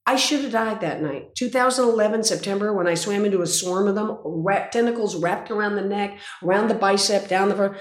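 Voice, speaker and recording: A woman's voice: mid-range voice, fairly quick, hardly any pauses. An older woman in her sixties, a guest in an interview, telling stories intensely and dramatically. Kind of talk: interview conversation. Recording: roomy echo.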